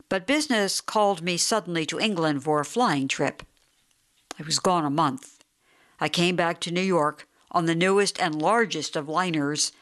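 A woman narrating a short story for an audiobook in a steady, even way. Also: on the low side.

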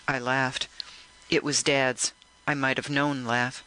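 A man narrating a first-person audiobook in a measured, reflective way. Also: medium pitch, flat delivery, bright, forceful tone, smooth, no room sound, rough recording.

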